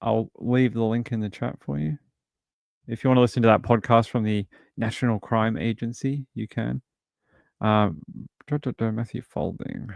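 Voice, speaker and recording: A man's voice: mid-range voice, steady tone, normal speed, creaky, a little mellow, no room sound, clean studio sound. A British man hosting a true crime livestream, talking casually and reading out chat messages. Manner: rambling, reads chat aloud. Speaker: streamer host.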